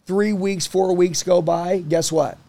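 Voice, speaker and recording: A man in his thirties telling personal stories in a casual interview, blunt and animated, swearing freely. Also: high voice, slow, creaky. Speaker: guest.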